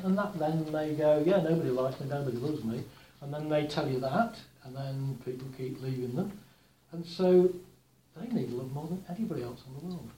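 Guy chatting to a room full of people, warm mellow tone, bit echoey. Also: a little high, slight background noise. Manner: chatty anecdotal, gently humorous. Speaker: workshop speaker. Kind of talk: talk to a live audience.

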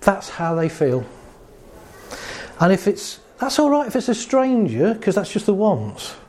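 A man's voice: high voice, sing-song, a little slow, mellow, slight background noise. A man giving a chatty talk on anxiety to an audience, acting out little scenes and laughing along. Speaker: speaker on anxiety and relationships.

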